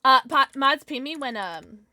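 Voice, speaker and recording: A woman streaming a game live, chatting with her viewers in a bubbly, excitable way, sometimes mumbling, sometimes shouting. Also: high-pitched, a little slow, no echo. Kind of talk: live gaming stream chat.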